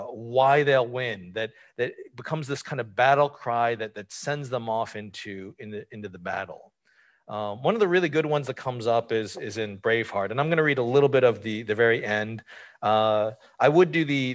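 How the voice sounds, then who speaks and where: Man preaching a conversational sermon. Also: medium pitch. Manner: informal, asks rhetorical questions, frequent fillers.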